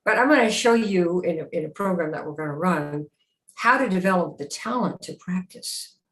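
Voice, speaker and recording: A woman's voice: lowish voice, lively intonation, moderate pace. A woman hosting a live sales-coaching stream, talking emphatically, firing rhetorical questions and slipping into dramatic acted voices. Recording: roomy echo.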